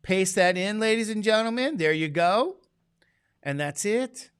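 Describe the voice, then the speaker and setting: A man's voice: sits high, lively intonation, measured pace, a bit bright, clear, resonant tone, no echo. Chatty male teacher lecturing a class. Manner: chatty, digressive, asks the class questions.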